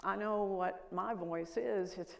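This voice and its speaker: Slow-talking older woman giving a talk. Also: medium pitch, gravelly. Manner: storytelling, asks the audience questions. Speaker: conference speaker. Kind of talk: conference keynote talk. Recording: reverberant lecture hall.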